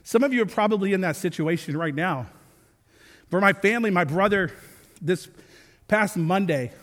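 A man's voice: high-pitched, animated, moderate pace, long pauses, fairly bright tone. A man in his thirties preaching a sermon as a pastor, earnest with joking asides. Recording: long reverb of a large hall.

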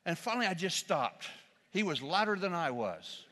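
A man with a high, bright, ringing voice delivers a sermon from the pulpit of a church. He tells stories with humor and breaks into loud, shouted quotations. The sound carries a long hall reverb. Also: sing-song, normal speed. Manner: storytelling with shouted acted quotes and humor. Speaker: pastor.

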